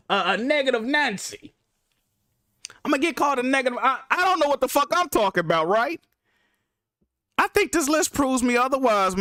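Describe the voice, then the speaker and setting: A young gaming streamer rants live in an exasperated, profane way, swinging widely between loud outbursts and mutters. His voice is very high-pitched, and the recording is dry and clean, with studio quality.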